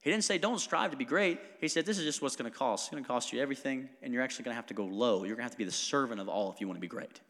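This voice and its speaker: A male pastor preaches a sermon in a casual, conversational, animated way, often slipping quick laughs between points. His voice sits at an ordinary middle pitch, and a long hall reverb from the church sanctuary surrounds it.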